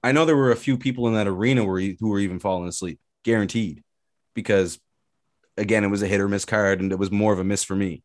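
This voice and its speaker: A man's voice: lowish voice, fast talker, no room sound, clean studio sound. A man co-hosting a casual sports talk show, ranting with energy and plenty of swearing. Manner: animated, profane ranting. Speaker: podcast co-host.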